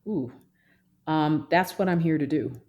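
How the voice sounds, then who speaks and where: A woman's voice: low-pitched, measured pace, warm tone, lo-fi sound. A woman therapist talking emphatically in a podcast interview, often mimicking other people's voices. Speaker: therapist and social worker guest.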